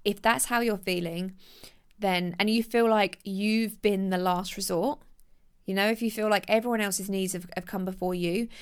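A woman's voice: medium pitch, clear, resonant tone. Chatty woman giving self-help tips. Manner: chatty and animated, acts out quoted voices, laughs at herself. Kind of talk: casual motivational talk.

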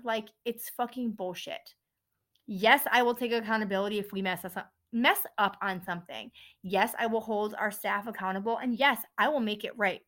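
A woman who works the front desk at a dental office and is a parent hosts her own podcast, venting bluntly and with frustration, swearing often. Her voice is mid-range with a fairly bright tone.

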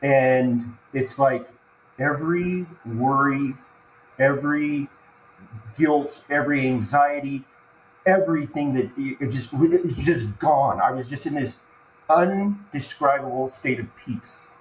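Man haltingly telling a near-death story. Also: mid-range voice, slight background noise. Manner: halting, repeats words and restarts when moved. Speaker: podcast guest. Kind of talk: emotional personal storytelling. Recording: echoey room with faint ambience.

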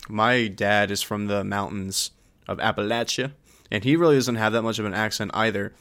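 A man with a fairly low voice banters loosely on a podcast, cursing and laughing as he goes. The sound is close and dry, with no room around it. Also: normal speed, dry recording. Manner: swearing, laughing, animated. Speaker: podcast co-host. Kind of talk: casual chat.

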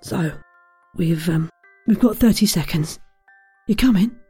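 A kindly little teddy bear with polite, gently fussy manners, played by a woman in a bedtime story. The voice is very dark and mellow, a bit breathy, close and dry. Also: on the low side, unhurried, no echo, soft background music. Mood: urgent.

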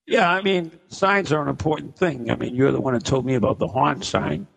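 Male radio host, gravelly voice, meandering on-air chat, long hall echo. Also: medium pitch, brisk, fairly bright tone. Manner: rambling, self-correcting. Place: inn function room at a live broadcast.

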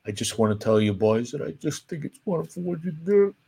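A man impersonating an elderly male comedian, gushing with showbiz warmth and breaking into goofy squeals. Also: a little high, big pitch swings, fairly quick, gravelly, husky, voice pushed up, full character voice. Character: elderly male comedy legend, zany and sentimental. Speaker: host.

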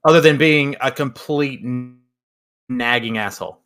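A man's voice: medium pitch, a little slow, a bit bright. Crude joking male podcast co-host. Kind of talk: casual chat.

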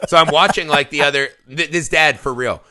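Bright-voiced man telling profane stories. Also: a little high, fairly quick. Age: adult father. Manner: profane, animated storytelling with laughs. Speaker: podcast co-host. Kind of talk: casual movie review chat.

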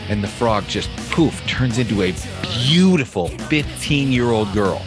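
A man's voice: mid-range voice, animated, measured pace. A man hosting a show, telling a long joke in a loose, rambling way. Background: guitar music.

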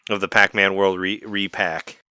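A man with a lowish, bright, forward voice, chatting casually and bluntly about games. He laughs easily and repeats words as he gets going. The recording is dry and close. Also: little pitch movement, moderate pace, smooth, no room sound. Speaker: podcast co-host. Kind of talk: casual chat.

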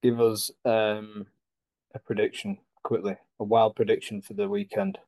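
A man's voice: on the low side, level tone, normal speed, warm tone, dry recording. A young man co-hosting a casual podcast chat, trading dry, teasing banter. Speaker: podcast co-host.

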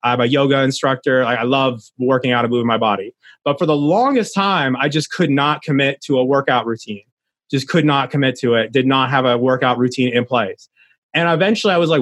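A man's voice: mid-range voice, a little fast, a bit bright, no room sound. Earnest man with a dry close sound. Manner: earnest, rambling, many restarts. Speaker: podcast guest. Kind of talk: casual interview chat.

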